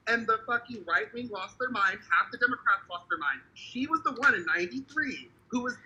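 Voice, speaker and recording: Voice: mid-range voice, animated, fairly quick, pushed and bright, highs cut off. A speaker in a casual political chat, blunt, sarcastic and swearing freely. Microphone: video call.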